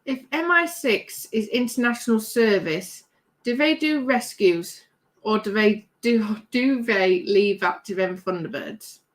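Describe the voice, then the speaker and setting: A British woman with a slightly raised pitch hosts a relaxed livestream from her craft bench. She reads out viewer comments and chats on in a rambling way, laughing easily. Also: measured pace. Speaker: livestream host. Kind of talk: casual chat reading viewer comments.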